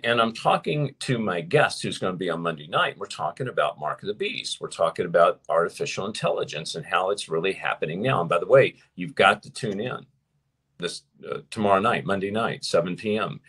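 Man, preacher, husky voice, lively pitch, emphatic sermon-style teaching. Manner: animated and emphatic, slows down to stress key points. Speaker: preacher hosting a live show.

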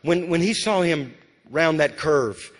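A man with a Southern American accent preaches in a church, his voice sitting a little high. He swings from loud, insistent calls to hushed, softer storytelling. The sound carries a long reverb from the church hall. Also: lively intonation, slow pace. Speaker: pastor. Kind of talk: sermon. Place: church sanctuary.

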